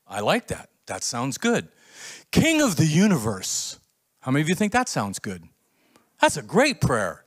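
A man pastor preaching a sermon, telling a story with acted-out quotes and building to emphatic, near-shouted points. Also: on the high side, a little slow. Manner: animated storytelling, acts out quoted voices.

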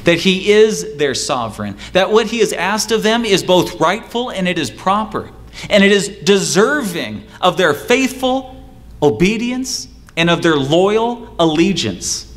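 Pastor guy preaching a sermon, kinda high voice, repeats lines for emphasis, does voices of people making excuses. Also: a bit bright. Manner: emphatic preaching with rhetorical questions and repetition; acts out excuse-makers in a higher, quicker voice.

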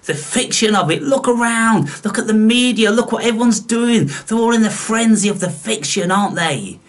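A man's voice: sits high, normal speed. A man preaching a belligerent, profane monologue to his viewers, scornful and full of rhetorical questions. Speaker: spiritual channel host.

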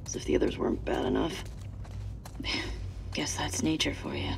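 A woman's voice: rumbling low, expressive, normal speed, creaky, darkish tone, slight background noise, full character voice. A woman voicing a weary young survivor in video game dialogue, blunt and understated, with a swearing edge. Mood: terse.

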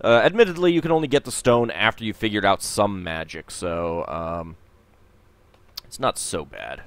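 Rambling man with a lively pitch. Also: moderate pace. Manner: rambling, hesitant, lots of fillers. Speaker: let's play host. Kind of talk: casual gameplay commentary.

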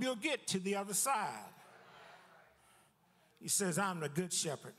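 Pastor guy preaching, high voice, lots of echo hanging in the church, repeats himself and dips way down. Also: measured pace, long pauses. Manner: lively preaching with repeated words and sudden drops in pitch. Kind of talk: sermon. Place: church sanctuary.

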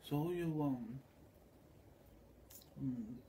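Mellow-voiced man in a rambling monologue. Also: mid-range voice, very slow, a little hiss or hum. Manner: loose, meandering storytelling with quoted voices.

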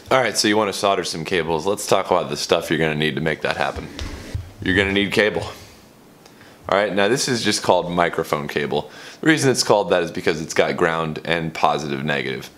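A man's voice: low voice, expressive, fairly quick, fairly bright tone. A man hosting his own channel, explaining how to make cables in a candid, rambling way that often corrects itself. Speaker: channel host. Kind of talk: casual DIY tutorial vlog. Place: home studio.

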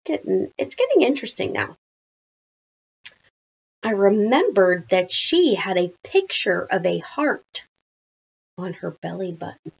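A woman teacher reading a children's storybook aloud, with chatty, animated asides. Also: mid-range voice, a little slow, vocal fry, long pauses, slightly rough, muffled recording.

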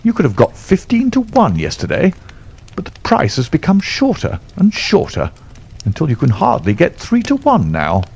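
A man's voice: a little high, wildly swooping pitch, normal speed, gravelly, a little mellow, slightly rough, voice pushed up, heavily acted. A man voicing an agitated older male colonel in an audiobook, with a strained, exclamatory manner. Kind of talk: audiobook character voice.

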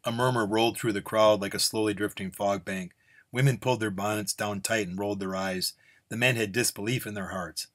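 A man reading a Western story aloud in an unhurried, relaxed way. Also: lowish voice. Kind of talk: storytelling narration.

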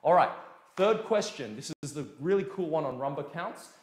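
A man teaching a dance lesson in a casual, energetic way, counting beats and demonstrating them out loud. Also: fairly high pitch, normal speed. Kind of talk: live-streamed dance lesson, casual explaining. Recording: echoey room.

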